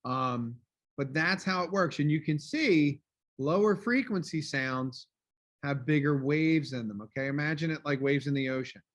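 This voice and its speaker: A male teacher giving a casual online class review, loud and full of fillers like "um" and "okay?", speaking over a video call. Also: a little high, moderate pace.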